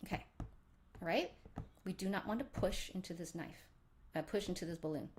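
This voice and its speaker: A woman teaching a violin workshop, talking through bow technique in an animated way and singing out the strokes she demonstrates. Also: on the low side, brisk, slight background noise. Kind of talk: live online workshop lesson.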